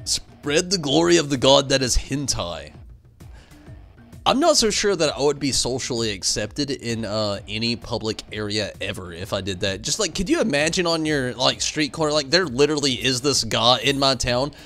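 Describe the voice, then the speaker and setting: A man streaming games, chatting casually and telling rambling, animated stories full of fillers. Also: medium pitch, moderate pace, soft background music. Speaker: game streamer. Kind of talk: casual chat while streaming.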